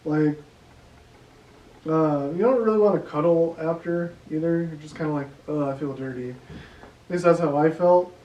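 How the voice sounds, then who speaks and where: Young man doing stand-up at home, fairly high voice, rambling with lots of fillers, recorded from across an echoey room. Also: fairly even intonation, measured pace, pauses often, dark tone, distant mic, muffled recording. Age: young adult. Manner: rambling, filler-heavy delivery with many ums and likes. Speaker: stand-up comedian. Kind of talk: casual stand-up set.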